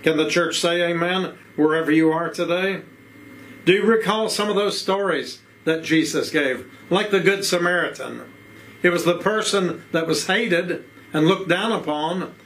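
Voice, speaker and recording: A man with an Appalachian accent preaching a sermon, with rhythmic repeated phrases and rhetorical questions, slowing down to stress key words. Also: sits high, a bit bright, rough recording.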